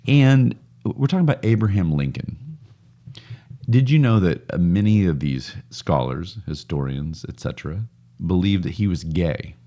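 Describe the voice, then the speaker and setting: A man's voice: deep voice, animated, normal speed, mellow, muffled recording. A man co-hosting a casual podcast, chatty and joking, often laughing at his own stories. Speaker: podcast co-host.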